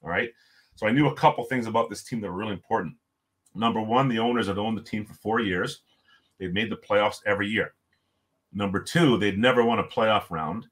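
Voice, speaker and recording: A middle-aged man, a podcast guest, telling a story in a lively way and chuckling often. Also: fairly low pitch, fairly quick. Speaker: podcast guest, former hockey coach. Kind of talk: storytelling in conversation.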